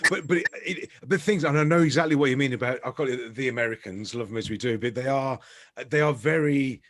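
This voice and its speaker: A man's voice: medium pitch, fast. A man from England, a business coach chatting casually on a panel, self-deprecating and given to restarts.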